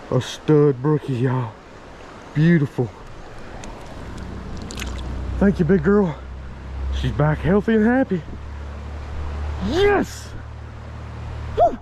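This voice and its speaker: A man from Virginia talks to his viewers while fishing a creek, keeping up a string of exclamations. His voice is mellow and dark, and he speaks at an unhurried pace. Faint running water can be heard behind him outdoors. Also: on the high side. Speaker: fishing vlogger. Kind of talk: excited outdoor vlog narration. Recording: faint stream and outdoor noise.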